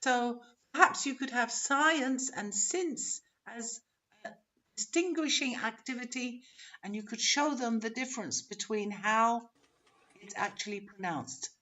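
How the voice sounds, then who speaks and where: A woman teacher trainer leading an online webinar, encouraging and modeling pronunciation slowly. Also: on the high side, pushed and bright. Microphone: video call. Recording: dull lo-fi webinar audio.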